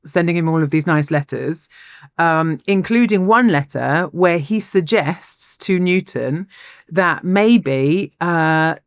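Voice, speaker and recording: A woman co-hosting a podcast, telling a story in casual chat, animated, laughing often and restarting her sentences. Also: deep voice, dry recording, studio quality. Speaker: podcast co-host.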